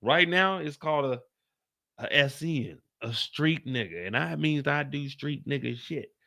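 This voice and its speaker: A man's voice: fairly high pitch, expressive, a little slow, vocal fry, pushed and bright, voice pushed down, exaggerated voice. A man voicing a defiant young male street hustler who talks in a boastful, dismissive way.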